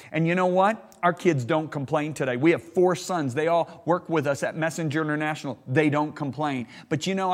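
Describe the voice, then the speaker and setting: Middle-aged man, preaching, emphatic, drawn-out key words, raised voice, long hall echo. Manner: emphatic, slows for key words, bursts up in pitch when worked up. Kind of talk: sermon.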